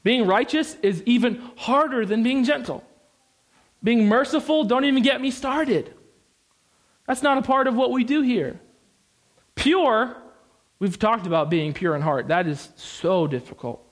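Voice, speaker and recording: A young man from the United States preaching a sermon, animated and emphatic, with casual asides and repeated phrases. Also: very high-pitched, a little slow.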